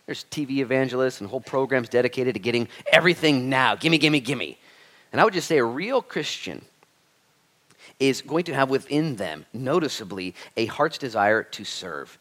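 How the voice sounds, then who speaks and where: A male pastor preaching a sermon in church, animated and frank, acting out quoted speech with humor. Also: mid-range voice, moderate pace. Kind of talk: sermon with storytelling.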